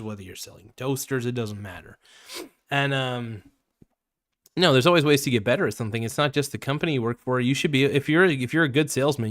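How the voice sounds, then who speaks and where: A man's voice: mid-range voice, no room sound. Guy on a podcast talking casual, blunt, swears a lot, dry close sound. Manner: blunt, swears freely, animated. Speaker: podcast host. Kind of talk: casual chat.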